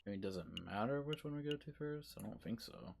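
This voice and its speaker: A man's voice: mid-range voice, expressive, fairly quick, gravelly, noisy background. A man streaming a game, making offhand, chatty asides. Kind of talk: casual game commentary.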